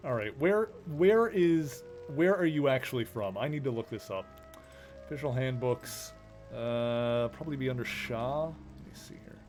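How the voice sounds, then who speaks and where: Casting note: a male streamer, mid-pitched, thinking aloud over gameplay, with faint music behind. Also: lively intonation, normal speed, a little mellow. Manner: thinks aloud, chatty, rambling. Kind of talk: casual gameplay commentary.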